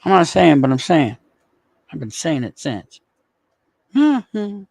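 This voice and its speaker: Gravelly man ranting to his chat. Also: a little high, big pitch swings, slow, darkish tone, no room sound. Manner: swearing, rambling, talking to chat by name. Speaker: streamer reacting to news. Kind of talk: casual live-stream commentary to chat.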